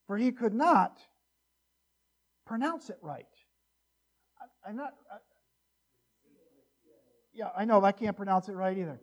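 A male pastor preaching an expository sermon in a church, animated and given to joking asides, his loudness rising and falling widely. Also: very high voice, moderate pace.

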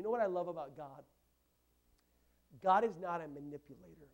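Male pastor with a high voice, preaching with insistent repetition. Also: normal speed, long pauses. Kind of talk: sermon.

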